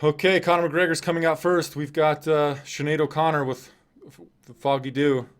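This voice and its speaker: A man's voice: fairly high pitch, level tone, moderate pace. A man from Nebraska hosting a live fight stream, commenting casually with a chatty, self-deprecating, wry manner. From Nebraska, USA.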